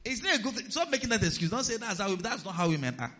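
A man's voice: high voice, fast talker, big-room sound, dull audio. A man preaching a sermon as pastor, humorous, acting out quotes in different voices. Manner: lively, humorous, acts out quotes.

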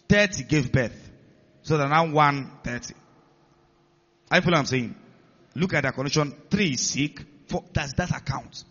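A man preaching to his congregation, his voice sitting a little high for a man. He teaches step by step and keeps asking the listeners whether they are following him. The sound rings with long reverb and comes across muffled. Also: sharp tone. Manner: teaching with rhetorical questions to the congregation. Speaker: pastor. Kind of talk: sermon.

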